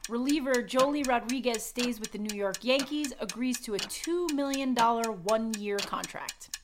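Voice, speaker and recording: A woman with a slightly high voice co-hosts a casual sports talk show. She talks in a playful, teasing, chatty way. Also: normal speed, background noise. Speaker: podcast co-host.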